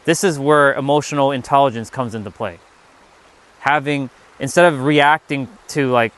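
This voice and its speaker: A man's voice: a little high, moderate pace, fairly bright tone. A young man giving a casual live-stream talk as a spiritual teacher, rambling and restarting his sentences often.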